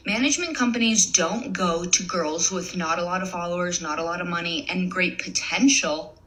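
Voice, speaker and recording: A woman's voice: fairly low pitch, normal speed, a bit bright, poor audio. A young woman in a casual, profane rant, blunt and swearing often, laughing as she talks. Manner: blunt, swears a lot, laughs mid-sentence. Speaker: content creator.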